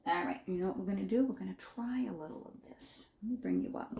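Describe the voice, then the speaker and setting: A woman's voice: medium pitch, fast talker, vocal fry, few pauses, heavy background noise. A woman chatting casually in her home kitchen as she tastes and talks through her own cooking, rambling and folksy.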